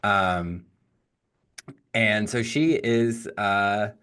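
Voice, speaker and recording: A young man chatting casually on a podcast, recapping a film with lots of fillers and quick quoted bits. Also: on the low side, bright, forceful tone, clean tone. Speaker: podcast co-host.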